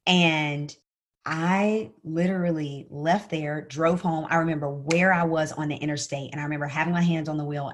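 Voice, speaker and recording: A woman guest on a podcast, telling a personal story in an earnest, animated way and often addressing the host by name. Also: low voice. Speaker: podcast guest, sales coach.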